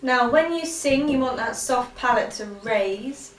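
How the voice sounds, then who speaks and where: A woman teaching vocal exercises in a relaxed, chatty way, with frequent ums. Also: sits high, a little slow, slight background noise. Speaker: singing teacher. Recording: echoey room, voice a bit far from mic.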